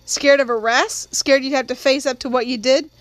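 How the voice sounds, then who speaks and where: A woman's voice: high-pitched, steady tone, normal speed, no room sound, close to an everyday voice. A woman doing a sneering prosecutor. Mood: scornful. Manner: hostile, contemptuous, pressing. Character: sneering middle-aged male prosecutor.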